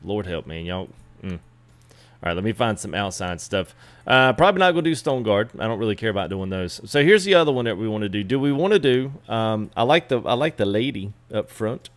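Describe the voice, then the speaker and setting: On a live gameplay stream, a man with a lowish voice talks briskly and very animatedly to viewers as he customizes a truck. He's casual and calls out viewers by name.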